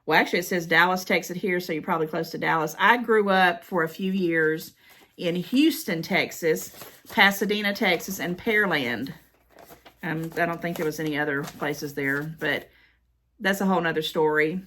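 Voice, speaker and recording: A woman's voice: on the low side, normal speed, fairly bright tone, a little hiss or hum. A middle-aged American woman chatting casually as she reads fan mail aloud, gushing and emotional, often repeating her words. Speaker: haul vlogger.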